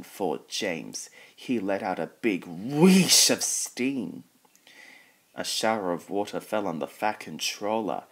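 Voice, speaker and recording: Slow, low-voiced man reading a storybook. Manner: reads every character in his own voice, slow and even. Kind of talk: storybook read-aloud.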